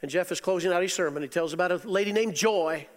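Animated preacher man in a reverberant hall. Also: high-pitched, quick pace. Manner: animated, swings from loud exclamations to quiet asides, chuckles. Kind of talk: sermon.

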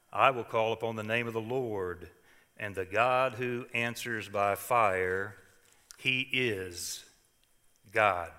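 Older male pastor, dramatic sermon delivery, bright tone in a reverberant hall. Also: on the low side. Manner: dramatic scripture reading, swings from hushed to loud.

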